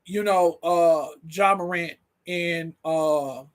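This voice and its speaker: Speaking slowly with a fairly high pitch, this host runs a laid-back commentary stream. He gets excited, laughs, trips over and repeats words, and keeps addressing viewers directly.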